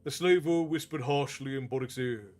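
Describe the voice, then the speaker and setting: A man's voice: medium pitch, moderate pace, darkish tone. Man reading a fantasy story aloud. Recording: faint background music.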